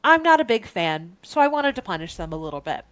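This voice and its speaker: A woman's voice: mid-range voice, very animated, brisk, dry recording, lightly acted. A woman voicing a cranky female bog witch who guards her swamp and talks in a chatty, smug, bargaining way.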